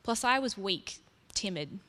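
A woman telling a story in the first person, soft and reflective, as if confiding in the listener. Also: medium pitch, expressive, a little slow. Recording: long reverb.

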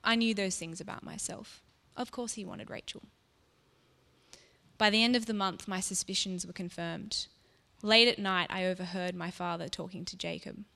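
Woman telling a soft first-person story, long reverb. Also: medium pitch, steady tone, moderate pace, gravelly. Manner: soft, reflective, intimate.

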